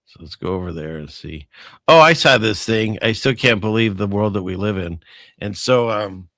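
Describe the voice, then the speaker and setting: Male host, casual livestream chat, gravelly, bright voice, rambling, chuckling. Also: fairly low pitch, animated, moderate pace, dry recording, studio quality. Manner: rambling, chuckling, talks to his wife off-mic.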